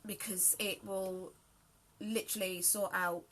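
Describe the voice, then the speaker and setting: A woman's voice: mid-range voice, flat delivery, a little slow, a bit bright. A woman from southern England with an accent mixing southern English and South Yorkshire, hosting a live sew-along tutorial and chatting to viewers by name. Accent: southern English mixed with South Yorkshire. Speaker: sewing host.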